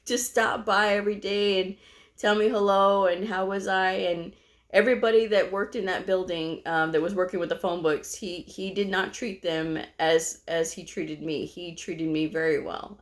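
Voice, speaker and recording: Medium in pitch with fairly even intonation and a normal pace, a middle-aged Texan medical coding vlogger shares a personal story on camera. Her talk is chatty and full of "you know" and little fillers.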